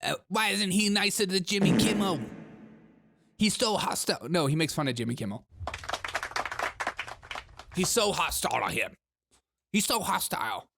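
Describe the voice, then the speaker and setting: A man's voice: high voice, expressive, normal speed, gravelly, long pauses, background noise. A man hosting a comedic commentary show, mocking clips sarcastically and laughing often.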